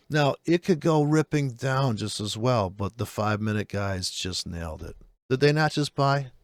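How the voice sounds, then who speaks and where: A man's voice: mid-range voice, no echo, clean studio sound. A man giving blunt, profane, unscripted trading commentary over live charts, ranting and restless as he talks. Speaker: forex trading streamer.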